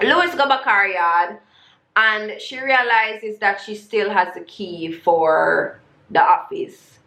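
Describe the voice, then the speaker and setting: Bright-voiced woman recapping sarcastically. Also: medium pitch. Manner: sarcastic, animated storytelling with creole grammar. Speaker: vlogger. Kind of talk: casual recap review. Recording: echoey room.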